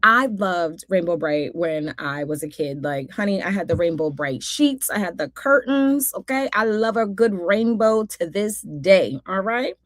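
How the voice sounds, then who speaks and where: A woman's voice: medium pitch, expressive, unhurried, hardly any pauses, no echo, studio quality. A woman hosting a casual cartoon recap vlog, talking in a sassy, exclamatory way full of playful asides. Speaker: host.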